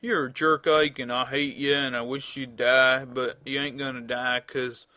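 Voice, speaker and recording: A man voicing a whiny young woman in a mock Southern drawl, loud and mocking. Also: mid-range voice, flat delivery, normal speed, no room sound, natural voice. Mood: bratty. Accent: mock Southern American. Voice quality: loud, mocking, bratty complaint.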